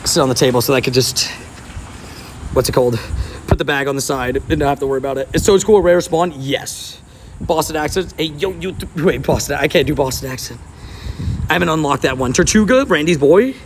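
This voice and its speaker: A man with a brisk, high-leaning voice live-streams from a park beside the water. Hot and sweaty, he talks casually to his chat and laughs often, with faint outdoor noise in the background.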